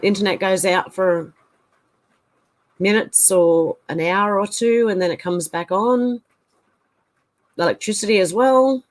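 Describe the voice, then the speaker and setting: A woman's voice: medium pitch, unhurried, long pauses. A woman hosting a casual livestream, reading out viewer comments and thinking aloud with hesitant asides. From Australia.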